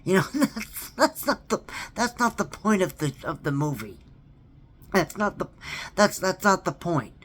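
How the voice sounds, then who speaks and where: A man's voice: high-pitched, big pitch swings, measured pace, a bit bright. A man ranting in a casual monologue. He stammers, repeats his words and keeps asking "okay?" to stress his points. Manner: earnest and emphatic. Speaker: theme park fan vlogger.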